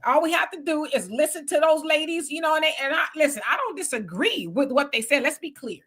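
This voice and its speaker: A woman hosting a live commentary stream with a high, bright voice. She talks loosely and conversationally, firing off emphatic rhetorical questions one after another. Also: expressive, a little fast. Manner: loose conversational street talk. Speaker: commentary host. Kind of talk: livestream commentary.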